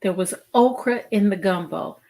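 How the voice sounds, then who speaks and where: A middle-aged woman hosting a live-streamed wellbeing talk show, speaking deliberately and repeating phrases for emphasis to her viewers. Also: medium pitch, dark tone. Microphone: streaming setup, video call style.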